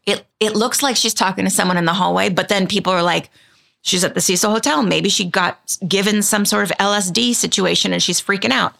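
Gravelly-voiced woman chatting. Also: mid-range voice, fairly even intonation, brisk, a bit bright. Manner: chatty, breathless retelling with "like". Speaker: podcast co-host. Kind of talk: casual chat.

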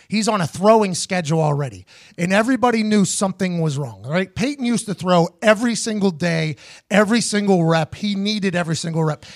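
A man hosting a podcast, telling a story in an animated, profane way and acting out both sides of each conversation. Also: high voice. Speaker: podcast host. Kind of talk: casual storytelling chat.

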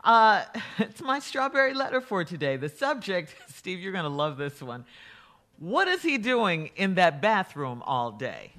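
A woman co-hosting a radio show, laughing and animated as she sets up the next segment. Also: fairly low pitch, measured pace. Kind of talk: lively radio banter.

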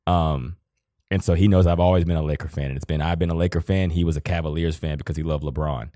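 Deep-voiced man in casual, heartfelt talk. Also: fairly even intonation, fast, warm tone, no room sound, studio quality. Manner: rambling, heartfelt, swears freely. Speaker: podcast co-host. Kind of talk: casual emotional conversation.

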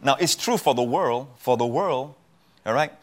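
A man's voice: medium pitch, animated, normal speed. A man teaching from the Bible as a guest on a talk show, earnest and repeating phrases for emphasis. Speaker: guest preacher.

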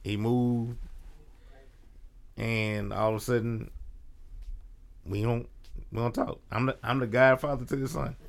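A man's voice: medium pitch, fairly even intonation, unhurried, vocal fry, long pauses. A man in a casual group chat who leads the questions and speaks hesitantly, repeating himself.

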